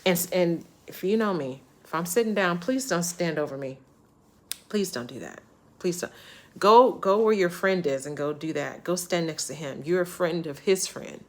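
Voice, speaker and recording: Woman vlogger, casual storyteller, animated and chatty, lower-pitched, quick to laugh. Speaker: travel vlogger.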